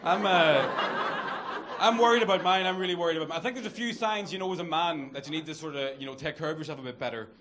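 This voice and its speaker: Crude Northern Irish stand-up comic. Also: male voice, a little high, racing, few pauses, noisy background. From Northern Ireland. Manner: crude, self-mocking banter with the crowd. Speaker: stand-up comedian. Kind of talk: stand-up comedy set. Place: comedy club stage, laughing audience. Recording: live club recording with loud crowd. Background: audience laughter.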